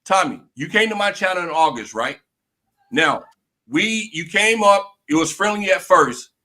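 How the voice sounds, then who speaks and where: A man's voice: high-pitched, expressive, normal speed, pushed and bright. A man hosting a heated live debate, insistent, breaking in by repeating the other man's name and pressing his questions. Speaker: channel host.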